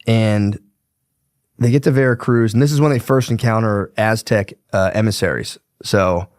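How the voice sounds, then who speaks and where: A man's voice: lowish voice, normal speed, no echo, clean studio sound. A young man hosting a podcast, retelling history in a casual, profane, rambling way. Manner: profane, slangy, rambling with fillers. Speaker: podcast host.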